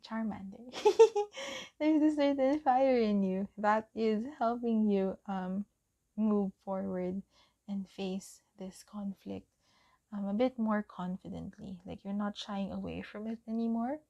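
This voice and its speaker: A young woman from the Philippines giving a gentle pick-a-card tarot reading, often dropping to a whisper. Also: mid-range voice, measured pace, gravelly, lo-fi sound. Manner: gentle, soft-spoken, often drops to a whisper. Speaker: tarot reader.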